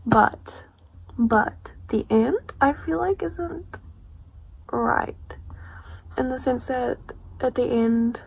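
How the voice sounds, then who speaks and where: High-voiced woman with gravelly fry. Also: drawn-out words, long pauses. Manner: rambling and excitable, swears casually; drops to a hushed near-whisper late at night. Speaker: book vlogger. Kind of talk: casual reading-vlog chat.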